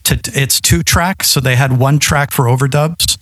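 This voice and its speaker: A man's voice: mid-range voice, steady tone, normal speed, fairly bright tone. A man, a music historian guest, explaining recording history in an enthusiastic, knowledgeable way. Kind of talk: casual chat.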